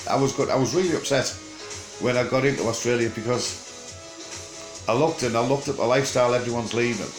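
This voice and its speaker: An older man with a broad Teesside accent chats loosely to camera, joking and wandering from point to point. His middling voice rings in a roomy, echoing space, with faint music underneath. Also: mid-range voice. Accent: Teesside English. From England. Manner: rambling, jokey and chatty, with frequent filler pauses. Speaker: vlogger. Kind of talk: casual rambling chat to camera.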